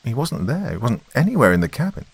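A man voicing an anxious, determined young woman in a spoken horror story, with a pleading, hurried delivery. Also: medium pitch, very animated, vocal fry, breathy edge, no echo, pitched above the performer's own voice, heavily acted. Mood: urgent.

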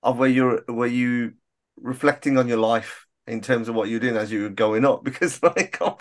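A man's voice: medium pitch, normal speed. A man hosting a podcast, asking hesitant, searching questions. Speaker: podcast host. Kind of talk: casual interview.

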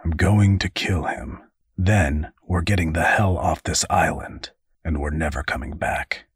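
Casting: a man doing a hard, terse veteran dad, deep husky voice, dry close sound. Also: sing-song, normal speed, no room sound, full character voice. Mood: cold. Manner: terse, cold. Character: wounded ex-soldier father, cold and determined.

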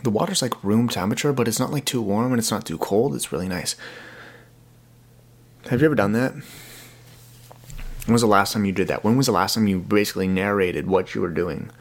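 Young guy podcast host, low gravelly voice, rambly and earnest, keeps repeating himself. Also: brisk, long pauses. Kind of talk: casual solo podcast talk.

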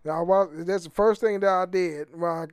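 A man's voice: high-pitched, fairly even intonation, normal speed, clear, resonant tone, dry recording, clean studio sound. A man hosting his own podcast, rambling and swearing freely, often stumbling over repeated words and laughing. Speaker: podcast host. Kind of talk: casual solo podcast rant.

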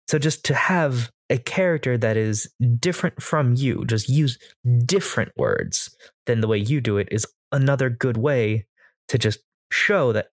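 A man's voice: medium pitch, a little slow, no echo, studio quality. An American man co-hosting a podcast as a game master, casually explaining voice tips at length. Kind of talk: casual chat.

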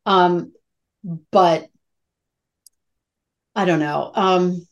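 A woman's voice: fairly low pitch, fairly even intonation, very slow, highs cut off. A middle-aged woman, an actress, talking candidly and emotionally in a casual interview, with many fillers and restarts. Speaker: actress guest.

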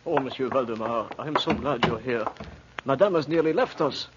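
An actor playing an anxious, devoted household servant who speaks in hushed, urgent tones in a 1940s radio play, on a noisy old broadcast recording. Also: male voice, mid-range voice, fairly quick, muffled recording, lightly acted.

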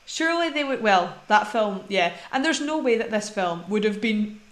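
A woman's voice: medium pitch, lively intonation, moderate pace. A woman co-hosting a casual film podcast, talking in a chatty, rambling way and laughing often. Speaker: podcast co-host. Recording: echoey room.

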